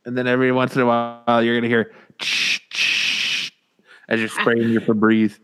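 A man's voice: medium pitch, moderate pace. A man co-hosting a podcast in casual banter, swearing freely and acting out what other people said. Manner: profane, animated storyteller who acts out quotes. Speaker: podcast co-host.

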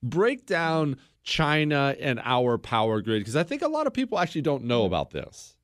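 A man's voice: medium pitch, wildly swooping pitch, moderate pace, no echo, studio quality. A man hosting a talk radio show, asking questions in a playful, joking way. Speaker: radio host.

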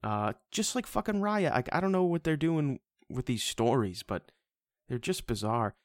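A man's voice: medium pitch, animated, moderate pace, no echo, clean studio sound. A man in casual podcast chat reviewing a movie, rambling and stammering with frequent swearing. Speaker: podcast co-host.

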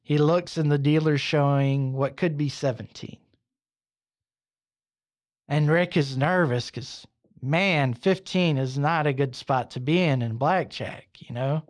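A man hosting a podcast, narrating a story in an unhurried, conversational way with casual asides. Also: fairly high pitch. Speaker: podcast host.

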